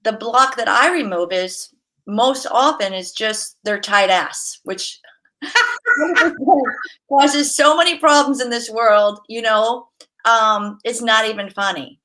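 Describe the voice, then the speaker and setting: Speaking slowly in a fairly high voice, a massage therapist chats as a guest in a relaxed interview. She tells stories with lots of laughter, acting out each quoted voice.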